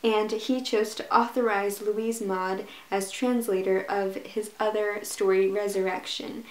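A woman's voice: medium pitch, steady tone, a little slow, roomy sound, poor audio. A woman talking casually and enthusiastically about a book she is starting, gushing with restarts and fillers. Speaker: book vlogger. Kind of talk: casual reading vlog.

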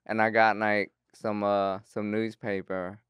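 A young man, telling a story on a podcast in a halting, laid-back way full of fillers. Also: on the low side, flat delivery, a bit bright, smooth, dry recording, clean studio sound. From Texas. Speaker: comedian and rapper, podcast guest.

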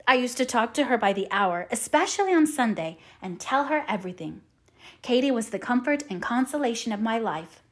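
A woman reads as a chatty young orphan girl in a storybook reading, full of eager daydreams. Her sentences run on breathlessly and lift with rapture. The voice sits a little higher than the narration around it. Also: expressive, a little fast, close to an everyday voice. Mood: eager, dreamy. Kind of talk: audiobook character reading.

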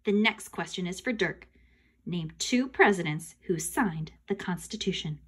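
A woman's voice: on the low side, lively intonation, a little slow, husky. Woman doing a bouncy grown man quiz host. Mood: announcing. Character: excitable adult male quiz host.

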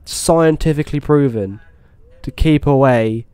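A man's voice: mid-range voice, unhurried, a little hiss or hum. A British man with an English accent commenting on a horror game as he plays, reacting jumpily and swearing a lot. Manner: jumpy, swearing, excitable reactions. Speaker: gaming YouTuber.

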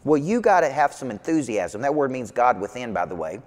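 A man's voice: mid-range voice, brisk. Man, motivational coach, emphatic, repetitive rhythm, echoing hall. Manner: emphatic, repetitive, energetic preaching cadence. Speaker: business coach. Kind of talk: motivational talk. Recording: long hall reverb.

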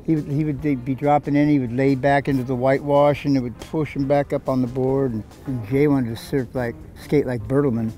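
A man calmly recalling a friend's surfing in a documentary interview. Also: medium pitch, brisk, hardly any pauses, soft background music, poor audio.

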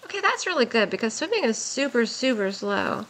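A young woman giving excited, giggly commentary while playing a game, her voice worn from a long stream. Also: on the high side, fairly quick. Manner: gushing, giggly, exclaims often. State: voice nearly gone, worn.

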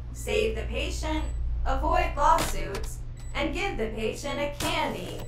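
A woman voicing a cheerful corporate training announcer in a video game, speaking in a bright, scripted tone. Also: high-pitched. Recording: roomy game audio with music.

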